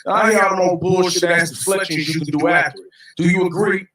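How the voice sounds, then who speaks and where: A man arguing on a livestream call, profane and loud, building up to shouting. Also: sits high, steady tone, a little fast. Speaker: caller confronting a streamer. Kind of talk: heated livestream argument. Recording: echoey, distant from the mic.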